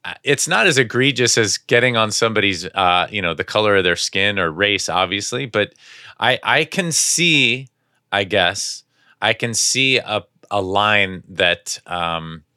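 A man with a lowish, bright, smooth voice talks sports on a podcast, recorded close and dry. He weighs his points slowly and hedges as he goes. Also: no echo. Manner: measured, hedging, with fillers and restarts. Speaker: podcast co-host. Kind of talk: casual sports chat.

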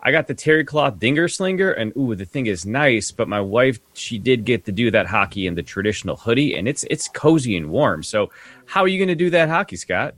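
A man co-hosting a casual podcast, roasting the others with deadpan humour. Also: mid-range voice, fairly quick, no room sound. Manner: deadpan roasting, lively swings. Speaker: podcast co-host. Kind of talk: casual chat.

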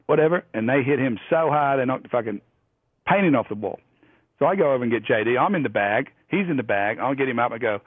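A man in his fifties from Australia, telling profane, animated stories as a guest. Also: mid-range voice, fairly quick, no room sound. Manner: profane, animated yarn-spinning. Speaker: guest golfer. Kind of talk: storytelling anecdotes. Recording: husky voice over a tinny phone line.

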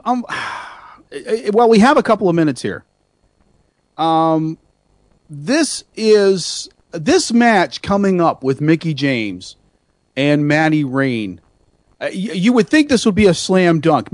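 High-voiced, rambling radio host man. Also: takes it slowly, dry recording, studio quality. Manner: animated, rambling, self-mocking, many restarts. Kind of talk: casual radio chat.

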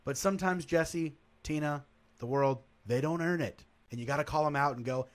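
A man with a fairly high voice co-hosts a casual podcast. He riffs with plenty of energy. The chat is loose, easygoing banter. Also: a little fast. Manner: animated, riffing. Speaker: co-host.

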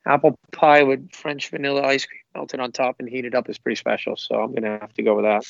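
A man's voice: medium pitch, level tone, brisk, gravelly, no echo. A man, a former professional footballer, chatting as a podcast guest and telling stories with easy laughter. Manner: upbeat, laughing, rambling storyteller. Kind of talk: casual podcast interview. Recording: dull lo-fi remote audio.

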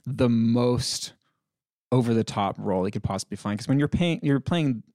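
A man's voice: mid-range voice, normal speed, dark tone, dry recording, studio quality. A man discussing films in casual conversation, thoughtful and often restarting as he searches for words.

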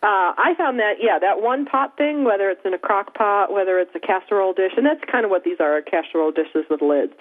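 A woman's voice: medium pitch, expressive, brisk, hardly any pauses. Chatty woman on a tinny line. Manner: chatty, laughs often, mocking asides. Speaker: podcast co-host. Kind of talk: casual chat.

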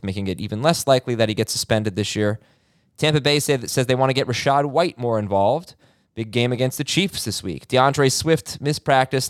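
A man hosting a fantasy football chat, reading quick injury updates and stats with a dry sarcastic streak. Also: mid-range voice, no echo. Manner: quick stat-heavy delivery, dry sarcasm. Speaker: podcast host.

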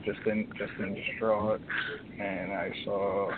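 A hoarse man calling in to a show, talking in halting, rambling stretches full of restarts. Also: lowish voice, little pitch movement, a loud crowd. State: hoarse, frog in his throat. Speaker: caller. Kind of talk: phone-in chat. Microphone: phone. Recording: noisy phone line.

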